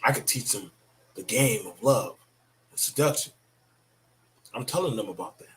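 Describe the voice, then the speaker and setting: A man's voice: lowish voice, lively intonation, moderate pace. A middle-aged man giving a blunt, profane, preachy opinion monologue about parenting. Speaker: commentator on parenting.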